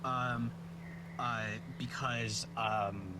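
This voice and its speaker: A man from Rhode Island, a guest in casual chat, rambling with many pauses and fillers. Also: mid-range voice, fairly even intonation, heavy background noise. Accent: Rhode Island, mostly suppressed. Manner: rambling, many ums and uhs. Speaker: guest streamer.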